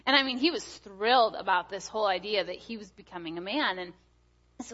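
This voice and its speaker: Bright-voiced woman preacher, chatty. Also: mid-range voice, fairly quick, highs cut off. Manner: chatty, storytelling with filler words. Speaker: guest speaker. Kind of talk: sermon.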